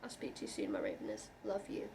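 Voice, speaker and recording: A woman vlogger talking to camera in an earnest, reassuring way, halting and restarting often as she speaks from the heart. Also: extremely low pitch, sing-song, dark tone, a little hiss or hum. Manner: heartfelt, openly emotional. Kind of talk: personal talk to camera.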